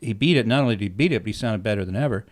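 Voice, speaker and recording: In rapid-fire delivery and a voice on the low side, a middle-aged man shares casual stories on his podcast. He acts out what people said with animation and swears freely throughout.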